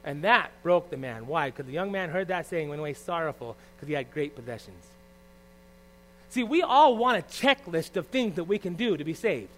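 A man preaching a sermon to a church congregation, emphatic and conversational, asking rhetorical questions and swinging from loud rises to quiet asides. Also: on the high side, sing-song, moderate pace, poor audio. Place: church service.

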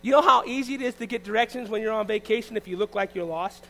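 High-voiced animated male preacher. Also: fast talker, poor audio. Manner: animated preaching, swinging between loud and hushed. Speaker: pastor. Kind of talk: sermon.

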